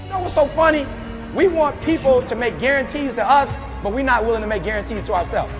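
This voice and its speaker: A man preaching motivation, challenging his listeners and sometimes shouting. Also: very high voice, expressive, fast talker, in a large hall, music in the background. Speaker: motivational speaker. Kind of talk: motivational speech.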